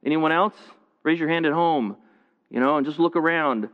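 A man's voice: on the high side, moderate pace, long reverb tail, phone-quality sound. A man delivering a sermon to viewers at home, conversational and earnest, often restarting and repeating phrases. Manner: conversational preaching with frequent restarts and repetition. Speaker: pastor. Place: church, streamed to viewers at home.

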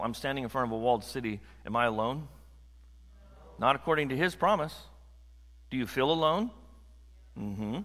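A man preaching a sermon to a congregation in a conversational, animated way, joking with the room. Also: mid-range voice. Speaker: pastor. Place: church sanctuary. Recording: long hall reverb.

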